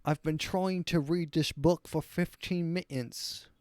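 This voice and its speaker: A man putting on a clueless British man with a put-on London accent, drawling slowly in a raised voice. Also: fairly high pitch, fairly even intonation, a little mellow, clean tone, voice pushed up. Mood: dopey. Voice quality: raised, slow, drawling delivery. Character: dim-witted British man, cheeky and clueless.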